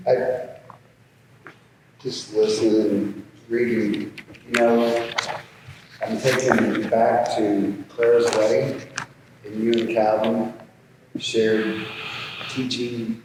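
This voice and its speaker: A man with an ordinary-pitched voice reminisces very slowly, taking his time. He is far from the mic in a very echoey room with a long reverb tail, and clear background noise with clicking runs behind him. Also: flat delivery. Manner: slow, unhurried, reminiscing. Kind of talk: casual Bible discussion.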